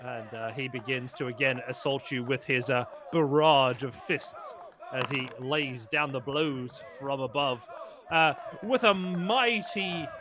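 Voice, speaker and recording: A man narrating a tabletop game as game master, laughing often and filling pauses with "uh". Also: medium pitch, a crowd in the background. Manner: laughing often, filler-heavy.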